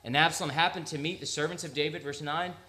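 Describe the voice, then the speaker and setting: A man's voice: a little high, steady tone, quick pace, pushed and bright. A young man preaching a sermon in church, reading scripture and breaking into casual, joking asides and acted-out quotes. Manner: conversational, joking asides, acts out quotes in voices. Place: church sanctuary.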